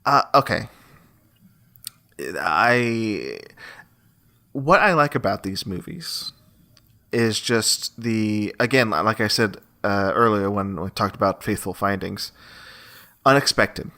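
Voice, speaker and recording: A man's voice: fairly low pitch, slow pace, pauses often. A man co-hosting a casual film podcast, telling stories with lots of laughter. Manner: animated, laughing storyteller. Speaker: podcast co-host.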